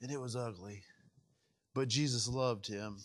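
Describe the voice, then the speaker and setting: A man preaching a sermon as pastor, swinging dramatically between loud high outbursts and hushed low passages, acting out quoted voices. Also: fairly even intonation, unhurried.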